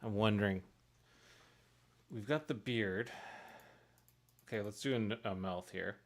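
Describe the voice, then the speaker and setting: A man's voice: fairly low pitch, measured pace. A man casually narrating his work on a live stream, thinking aloud and chuckling at his own mistakes. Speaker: streamer making pixel art for a game.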